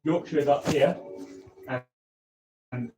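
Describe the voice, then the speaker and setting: A man's voice: medium pitch, slow, warm tone, soft background music. A man from London with a southeastern English accent teaches a live workshop, chatty and laughing often. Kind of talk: live classroom explanation. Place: classroom or workshop room. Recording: roomy, distant live workshop recording with audience.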